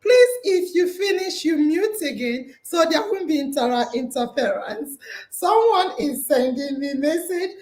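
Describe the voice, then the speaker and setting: A woman's voice: high voice, expressive, a little slow, a little mellow, reverberant. A woman hosting a casual live chat, bubbly and full of laughter, speaking to her listeners as family. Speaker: podcast host.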